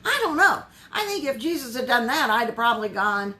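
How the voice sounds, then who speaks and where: A woman's voice: fairly high pitch, sing-song, a little fast, pushed and bright. A woman pastor leading a Bible study in a conversational way, often asking her listeners questions.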